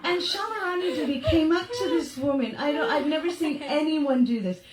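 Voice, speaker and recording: Lively high-voiced woman telling stories. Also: normal speed, crowd noise. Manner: animated, acts out quoted voices, laughs often. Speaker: devotional speaker. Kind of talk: storytelling talk to a gathering. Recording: echoey room.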